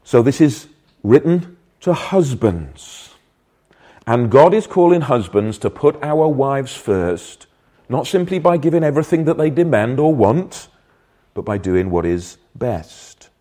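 Earnest male preacher, lively pitch. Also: measured pace. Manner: earnest, emphatic, rhetorical questions. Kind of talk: sermon.

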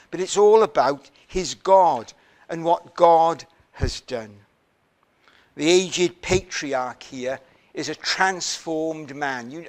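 A male preacher delivering a sermon at an unhurried, measured pace. His voice sits a touch higher than most men's. He leans on key words with emphasis and tosses in rhetorical questions.

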